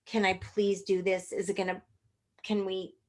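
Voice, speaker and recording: A middle-aged woman with a mid-range voice tells stories with bubbly energy. She puts on voices for the people she quotes. Her talk is animated and expressive. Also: medium pitch, moderate pace. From Northern California. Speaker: guest puppeteer. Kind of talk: animated interview storytelling.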